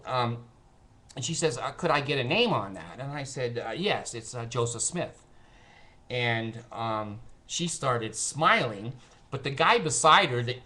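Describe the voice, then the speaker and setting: Chuckling older man, bright rambling monologue. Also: medium pitch. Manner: rambling, laughing, sardonic storytelling. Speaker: vlogger. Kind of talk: casual monologue to camera. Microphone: camera mic.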